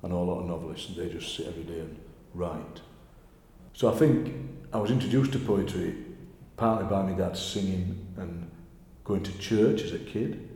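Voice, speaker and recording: A man with a Yorkshire accent, a poet telling stories in a lively, chatty interview. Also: sits low, moderate pace, a little hiss or hum. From Yorkshire, England. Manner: chatty, animated storyteller, often laughing. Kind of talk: conversational interview. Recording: echoey room with long reverb.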